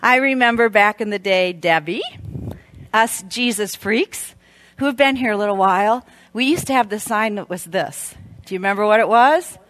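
A middle-aged woman preaching at a women's event, shifting between hushed, slow emphasis and lively, loud storytelling. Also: mid-range voice. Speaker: speaker at a women's Christmas event. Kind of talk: sermon.

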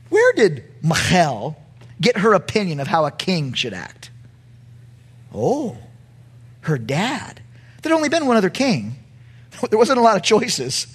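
Animated husky-voiced male preacher. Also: sits high. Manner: animated preaching, rising to shouts at climaxes. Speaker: pastor. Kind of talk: sermon.

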